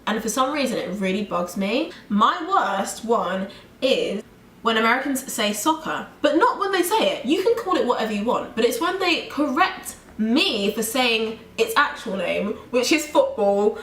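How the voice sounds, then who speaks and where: A young British woman in a casual vlog rant, talking fast and chatty, peppering her talk with "like" and mimicking others. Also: a little high, expressive, a bit bright, slight background noise. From Britain. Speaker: vlogger. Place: room in New York. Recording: echoey room, faint ambience.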